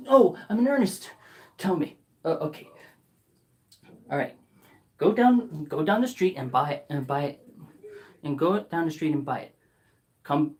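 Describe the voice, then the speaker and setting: A woman voicing old Scrooge on a joyful morning, stammering with glee in a live storytelling. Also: sits low. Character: old male miser, newly giddy and kind.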